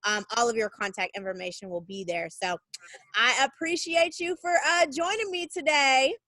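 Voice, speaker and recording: A woman's voice: high voice, moderate pace, sharp tone, dry recording. Enthusiastic woman podcast host. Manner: enthusiastic and effusive, repeats phrases for emphasis. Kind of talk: casual video-call interview.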